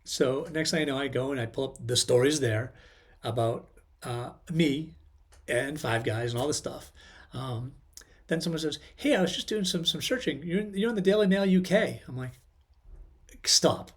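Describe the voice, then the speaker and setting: Man, casual storyteller, rambling, mid-pitched voice, lots of ums. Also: normal speed. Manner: rambling, frequent ums and restarts. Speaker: channel host.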